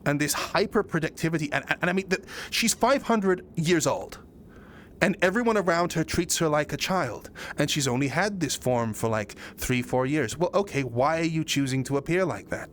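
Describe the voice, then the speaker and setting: High, animated man ranting casually. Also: moderate pace, a little hiss or hum. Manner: swears often, rambling with many restarts; animated, voice jumps higher when exasperated. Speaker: roleplay streamer recapping his character's story. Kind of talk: casual chat.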